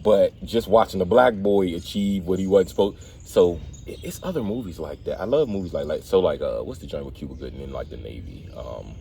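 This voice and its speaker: Animated lowish male host. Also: brisk, creaky, few pauses, a little hiss or hum. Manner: animated storyteller, laughs at himself. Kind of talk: casual conversation.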